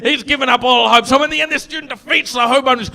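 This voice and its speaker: A man doing stand-up as the evening's compere, loud and theatrical. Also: very high-pitched, rapid-fire, creaky. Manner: loud, excitable, theatrical outbursts. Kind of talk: stand-up comedy.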